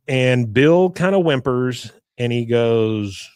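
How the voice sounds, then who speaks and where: A male podcast host recapping a cartoon episode in a casual, animated way, acting out the characters' lines. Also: mid-range voice, moderate pace, dry recording, studio quality. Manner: animated storytelling, acts out lines.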